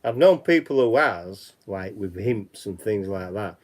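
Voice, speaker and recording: A livestream host from West Yorkshire, England, chats casually in a lowish, animated voice with a Yorkshire accent. He speaks unhurriedly, rambling and repeating himself.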